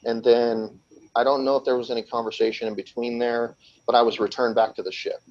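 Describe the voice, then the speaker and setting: A man's voice: medium pitch, flat delivery, brisk, darkish tone. Rambling man telling a strange story. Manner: rambling, with frequent restarts and laughs, acting out quoted voices. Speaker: podcast guest. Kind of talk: casual storytelling. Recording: slightly dull lo-fi sound.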